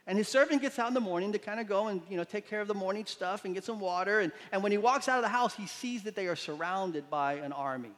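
A man preaching to his congregation in a sanctuary with a long, ringing reverb. His voice sits a little higher than most men's, and he brings his stories to life by acting out the people in them. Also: fast, hardly any pauses. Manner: animated storytelling, acts out quotes with voices. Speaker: pastor. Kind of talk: sermon. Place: church sanctuary.

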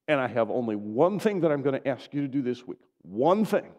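A man preaching a sermon as pastor, swinging from loud declarations to soft, low asides. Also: very animated, a little fast, hardly any pauses, a faint crowd. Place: church sanctuary.

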